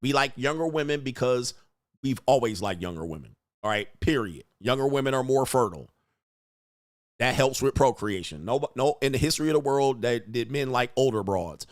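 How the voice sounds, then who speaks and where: A man of average pitch hosting a casual livestream, ranting bluntly and crudely between reading viewer messages aloud. His voice is recorded close and dry, with no room sound. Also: animated, moderate pace, no echo. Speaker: livestream host reading donations.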